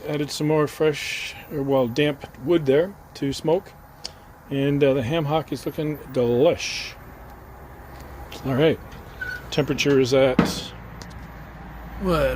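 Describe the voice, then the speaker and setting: A man's voice: fairly high pitch, slight background noise. A man hosting a casual cooking vlog, chatty and rambling with lots of fillers. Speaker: cooking channel host. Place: outdoors at a barbecue.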